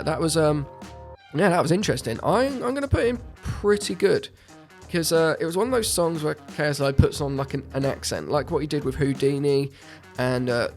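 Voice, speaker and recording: Gravelly young man reviewing music. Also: mid-range voice. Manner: enthusiastic, repeats words for emphasis. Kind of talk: casual music review monologue.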